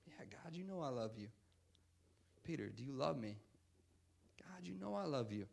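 A man's voice: mid-range voice, animated, moderate pace, vocal fry, a little mellow. A man voicing Peter as a flustered, defensive disciple in a sermon retelling. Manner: defensive, exasperated.

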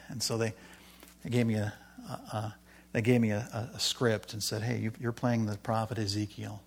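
A middle-aged man giving a sermon with a personal testimony, telling his story with animated swings from loud excitement to quiet asides. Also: a little fast. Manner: animated storytelling, rising loud when excited, dropping low for quoted asides. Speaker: preacher.

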